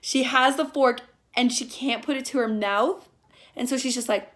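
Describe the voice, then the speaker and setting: A young woman in her twenties giving a sarcastic, profane comedic movie review, often mocking the characters in shrill voices. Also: steady tone, normal speed, a bit bright. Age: young adult.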